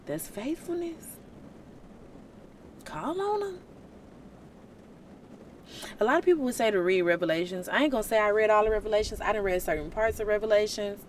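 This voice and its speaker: Animated woman preaching casually. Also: medium pitch, normal speed, pauses often, slight background noise. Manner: colloquial, animated, conversational. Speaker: Christian vlogger.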